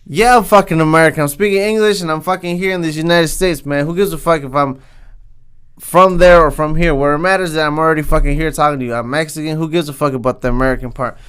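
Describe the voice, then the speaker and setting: A man's voice: on the high side, fairly even intonation, fast, fairly bright tone, clear, resonant tone. A young man from Southern California hosting a podcast, delivering a heated, swear-filled comedic rant and tagging lines with "man.". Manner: heated, swears constantly, says "man" a lot. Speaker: podcast host.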